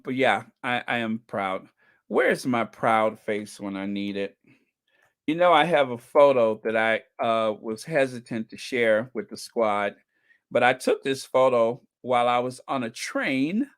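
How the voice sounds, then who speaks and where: Livestream host, male, mid-pitched voice; effusive and repetitive, reads comments aloud to viewers. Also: a bit bright. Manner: gushing, repeats phrases. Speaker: channel host. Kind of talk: casual livestream chat.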